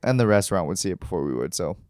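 A man's voice: low-pitched, lively intonation, rapid-fire, darkish tone, clear, resonant tone, no room sound, clean studio sound. A man co-hosting a podcast in casual chat, teasing his partner and steering topics. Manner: teasing, keeps the talk moving. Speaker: podcast co-host.

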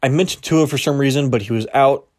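A man's voice: mid-range voice, fast, darkish tone. Casual young man, slightly strained voice. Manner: casual, rambling, self-correcting, laughs at himself. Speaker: podcast host. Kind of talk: solo sports podcast power rankings.

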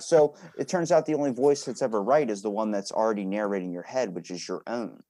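A man's voice: lowish voice, brisk, hardly any pauses, warm tone. A man hosting a podcast in casual chat, joking around loosely and swearing now and then. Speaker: podcast host.

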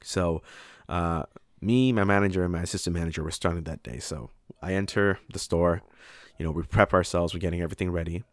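A man's voice: low-pitched, steady tone, a little fast, no room sound, studio quality. A young man tells a rambling, profane story about his retail job, full of fillers and put-on voices. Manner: rambling, heavy on fillers and swearing, acts out voices. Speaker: retail worker telling a story.

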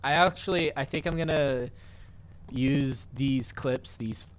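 A woman's voice: rumbling low, slow pace. A woman hosting a podcast, chatting casually and teasing with lots of laughter over a voice call. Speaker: podcast host. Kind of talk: casual chat. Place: home, on a voice call.

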